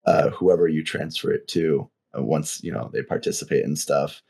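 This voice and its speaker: A man with a very deep, gravelly voice walks through game rules on a community call. He talks casually and keeps stopping on small fillers as he explains. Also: fairly even intonation, moderate pace, a little mellow. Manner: hesitant, many fillers.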